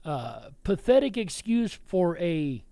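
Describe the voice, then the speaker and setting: High-voiced man hosting blunt political commentary. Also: very animated, slow pace, vocal fry, warm tone, no echo. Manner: blunt, combative, talks straight to listeners as folks. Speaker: host.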